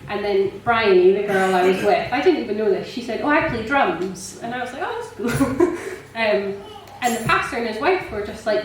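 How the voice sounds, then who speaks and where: A woman sharing a personal testimony in church, chatty and animated, laughing often and filling pauses with ums. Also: medium pitch, a little hiss or hum. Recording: echoey church hall, mic from a distance.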